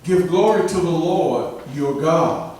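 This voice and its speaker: A man reading scripture aloud slowly and deliberately during a sermon. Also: fairly high pitch, lively intonation, darkish tone, heavy reverb, distant mic, a little hiss or hum, rough recording. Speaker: scripture reader.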